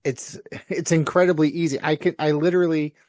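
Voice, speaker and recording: A man's voice: fairly high pitch, fairly even intonation, fairly quick, a little mellow, no echo. A man hosting a casual podcast on a laptop video call, teasing his co-host and laughing easily.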